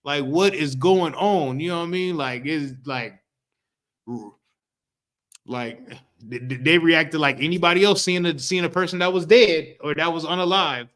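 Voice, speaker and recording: A man's voice: fairly high pitch, fairly bright tone. Man teaching scripture in slangy street talk. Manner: reads verses slowly, then explains loosely with "right?" and acted reactions. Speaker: street teacher of a history class.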